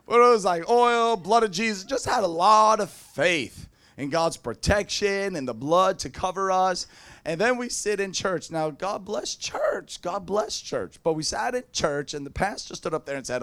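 This man speaks in a high voice and preaches as a lively storyteller. He jokes, laughs often and acts out the people in his stories. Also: moderate pace. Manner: animated, laughing storyteller who mimics people. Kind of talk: storytelling sermon.

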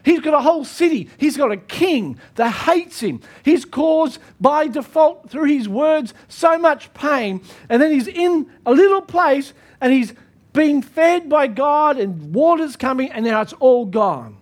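A pastor preaching an earnest, emphatic sermon with dramatic pauses. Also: male voice, extremely high pitch, lively intonation.

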